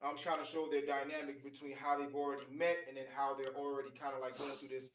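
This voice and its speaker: A man's voice: medium pitch, flat delivery, quick pace, fairly bright tone, echoey room, recorded from a distance, rough recording. A man co-hosting a casual podcast, eager and laughing between his points. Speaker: podcast co-host.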